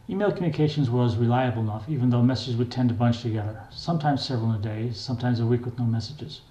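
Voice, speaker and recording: An older man reads his own memoir aloud in a plain, wry, unhurried way. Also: medium pitch, mellow. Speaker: memoir reader. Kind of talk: memoir narration. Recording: echoey room.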